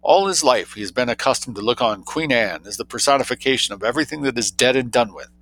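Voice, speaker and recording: A man reading an audiobook, voicing a droll young gentleman who tells tall tales in an arch, quick, mock-grave way. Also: mid-range voice, expressive, voice pushed up, rough recording.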